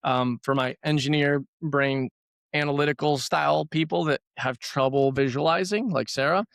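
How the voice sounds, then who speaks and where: A man's voice: a little high, moderate pace, gravelly, a bit bright, no room sound, clean studio sound. A man who works as a trauma therapy practitioner, talking casually on a podcast and repeating words for emphasis.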